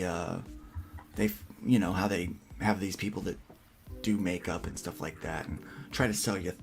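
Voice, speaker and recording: A man hosting a casual livestream podcast, telling a rambling family story full of restarts. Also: on the low side. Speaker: podcast host.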